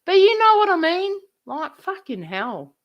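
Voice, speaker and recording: A woman's voice: extremely high pitch, sing-song, a little slow, highs cut off. A woman live streamer ranting to her chat, indignant, swearing heavily and repeating herself.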